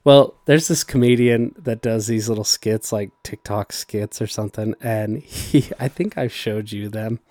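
A man's voice: lowish voice, unhurried, few pauses, a little mellow, no room sound. A man hosting a casual podcast chat, rambling and laughing as he retells scenes. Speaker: podcast host.

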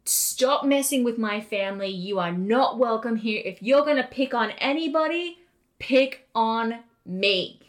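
A woman voicing a fed-up father who speaks in a loud, stern dad voice while ordering a ghost out of the house. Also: on the high side, lively intonation, a little slow. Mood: defiant.

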